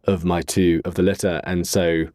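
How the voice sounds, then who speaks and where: A man guest on a podcast, earnestly telling a personal story in a rambling way with pauses and fillers. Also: low voice, little pitch movement, a little mellow, no room sound, studio quality. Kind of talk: casual interview storytelling.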